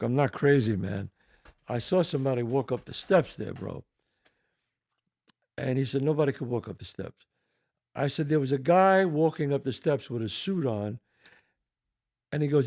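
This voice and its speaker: An older man with a New York accent, hosting a podcast and telling a long story in a rambling, animated way, swearing now and then. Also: mid-range voice, normal speed, gravelly, long pauses, dry recording, studio quality. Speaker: podcast host. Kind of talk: casual storytelling.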